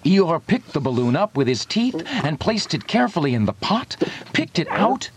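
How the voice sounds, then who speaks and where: A man narrating a children's story aloud in a radio comedy show, with expressive storytelling. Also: fairly high pitch, normal speed, husky. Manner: expressive storytelling, hushed in sad parts.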